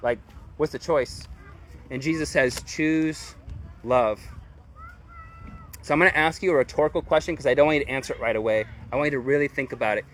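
A man's voice: medium pitch, rapid-fire, fairly bright tone, a little hiss or hum. A man preaching a sermon as pastor, earnest and conversational, with casual slang.

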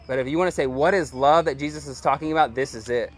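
A man's voice: mid-range voice, fast talker, breathy edge. A man preaching a sermon in a loose, chatty way, full of "like" and "dude". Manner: informal and chatty, heavy use of "like" and "dude". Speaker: pastor. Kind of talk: casual conversational sermon.

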